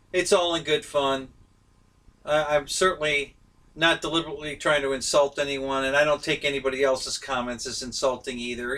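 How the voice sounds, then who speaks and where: A man hosting a live stream, chatting casually with his viewers, easygoing and quick to laugh. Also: a little high, a bit bright, recorded from a distance. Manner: easygoing, laughs often, chats with viewers by name.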